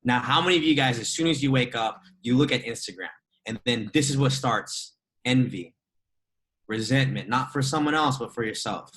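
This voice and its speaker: A young man giving an energetic, chatty motivational talk to a group on a video call. He often adds "right?" and laughs as he goes. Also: medium pitch, moderate pace, low-quality recording. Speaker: trading mentor speaking to a group call.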